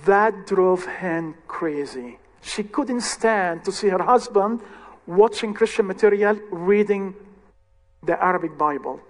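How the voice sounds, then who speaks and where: A man who leads a ministry, recounting a conversion story in short, earnest phrases. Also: sits high. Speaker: ministry leader. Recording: long hall reverb.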